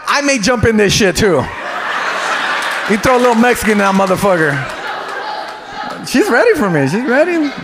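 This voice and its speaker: A male stand-up comedian doing crude crowd work in a club, loud and teasing and often breaking into laughter. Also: high voice, big pitch swings, normal speed, long pauses. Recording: noisy live club.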